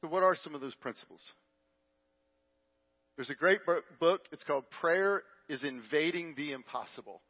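A male pastor with a high, bright-pitched voice preaches a sermon, telling stories with loud, lively bursts that drop into hushed stretches. The sound is dull and lo-fi, as from a livestream. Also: moderate pace, slightly rough.

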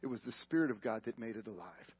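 A man preaching a sermon, emphatic, swinging from loud questions to hushed, quiet lines. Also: on the low side, lively intonation, fast, breathy edge, no echo. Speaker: pastor. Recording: dull lo-fi broadcast audio.

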